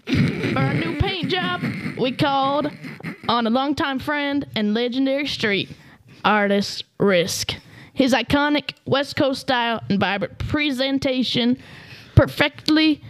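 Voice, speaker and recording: A woman's voice: sits high, slow, no room sound. A woman putting on a rural hick accent to read drink-can ad copy, breaking into laughs. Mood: mock-serious. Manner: mock-dramatic, laughing reading.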